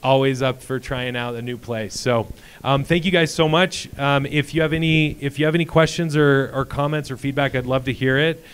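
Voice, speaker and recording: Man, event speaker, smooth resonant voice, mid pitch, chatty storytelling, lots of ums. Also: little pitch movement, normal speed. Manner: conversational, storytelling, frequent ums and restarts. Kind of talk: casual talk to a live audience. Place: event room before an audience.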